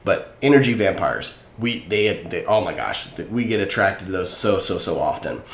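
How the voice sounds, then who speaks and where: A man's voice: animated, normal speed. A man hosting a podcast, talking earnestly and candidly about emotions, now and then swearing casually. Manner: candid and earnest, swears casually, rises high when impassioned. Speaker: podcast host. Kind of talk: casual solo talk on mental wellness. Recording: echoey room with faint background noise.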